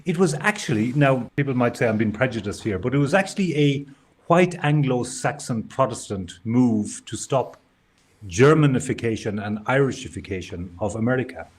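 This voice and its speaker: A man's voice: medium pitch, lively intonation, moderate pace, husky. Chatty man co-hosting a live stream. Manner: chatty, storytelling, wry asides. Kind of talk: casual live-stream chat.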